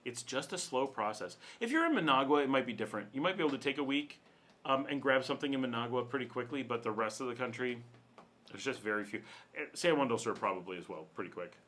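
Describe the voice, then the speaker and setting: A man's voice: mid-range voice, animated, fast talker, a bit bright, a little hiss or hum. A middle-aged man hosting a casual live question-and-answer stream from his home, talking loosely and reading out viewer comments. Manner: chatty, reads viewer comments aloud, coos baby-talk to his dog. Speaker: livestream host. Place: home room with studio lights.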